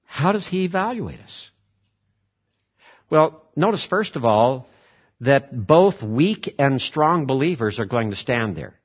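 A man preaching a sermon, emphatic, repeating words for stress and switching between slow, weighty phrases and quick runs. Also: medium pitch, sing-song, slightly rough, dull audio. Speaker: pastor.

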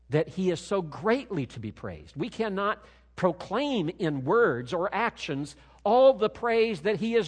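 A man preaches in a fairly high, very lively voice that swings up and down as he drives his points home. His words ring out with a long reverb through a church sanctuary. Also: slightly rough. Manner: emphatic, rising and falling preaching cadence. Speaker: pastor. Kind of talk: sermon.

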